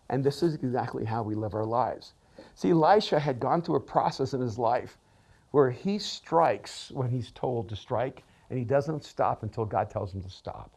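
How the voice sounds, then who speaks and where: A middle-aged man, a pastor and author, telling a personal story in an animated way, often laughing and repeating words. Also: medium pitch, vocal fry, breathy edge. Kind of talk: storytelling talk.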